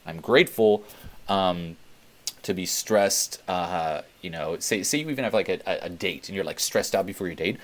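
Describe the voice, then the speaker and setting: A man's voice: sits low, normal speed. A man talking casually in a self-help vlog, rambling with lots of fillers and blunt swearing. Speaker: self-help video host.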